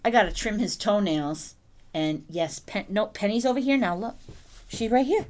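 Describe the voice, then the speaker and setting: A woman's voice: mid-range voice, moderate pace, darkish tone. A woman hosting a casual livestream, cooing and baby-talking to her puppy and laughing often. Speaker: livestream host.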